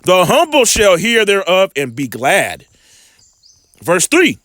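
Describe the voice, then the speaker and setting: A man with a high, lively voice works through scripture verse by verse. He stretches the readings out slowly and deliberately, then drops into relaxed, casual commentary between them. The sound is close and dry, with no room around it. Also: no room sound. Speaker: scripture teacher.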